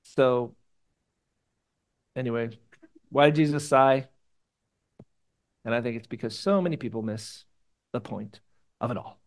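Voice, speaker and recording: A man's voice: medium pitch, measured pace, long pauses. A man, a pastor, gives a conversational sermon in a church meeting room, rambling and casual with sudden emphatic rises.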